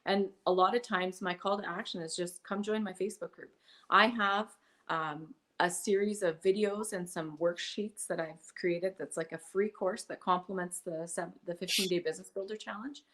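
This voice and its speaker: A woman's voice: lowish voice, normal speed. A middle-aged woman, a guest in a casual interview, talking enthusiastically about her online business and acting out little quoted exchanges. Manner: enthusiastic, animated storytelling with acted-out quotes.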